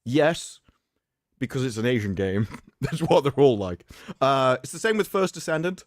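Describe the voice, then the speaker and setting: A man's voice: mid-range voice, very animated, moderate pace, dry recording, studio quality. A man co-hosting a live stream, rambling and opinionated in casual chat. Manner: rambling, opinionated, frequent restarts. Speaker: stream co-host.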